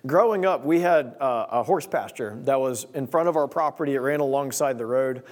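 A young man preaching a sermon, telling a story in an animated way and acting out voices and sound effects. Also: mid-range voice, fairly quick.

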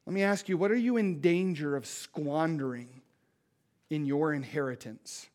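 A man preaching a sermon, impassioned and pleading, dropping to a hush and then rising loud. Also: on the high side, normal speed. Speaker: pastor.

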